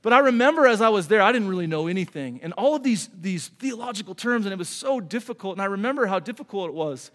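A man's voice: sits high, lively intonation, quick pace, few pauses, long reverb tail. A middle-aged man preaching a sermon as a pastor, earnest and conversational, often restarting his sentences.

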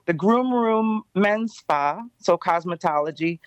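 A woman appearing as a guest on a morning radio show, explaining the details of an event in a steady, informative way. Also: on the low side, slow pace, dry recording. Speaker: radio show guest, job fair organizer. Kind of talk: casual radio interview.

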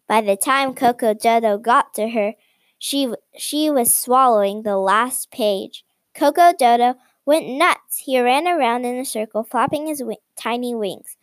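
A woman reading a children's chapter book aloud in a slow, careful storybook manner. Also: fairly high pitch, no echo. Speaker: reader.

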